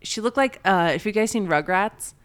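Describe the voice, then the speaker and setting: A woman co-hosting a podcast tells a story casually and with animation, laughing often. Her mid-range voice is clear and resonant, and she speaks at a moderate pace.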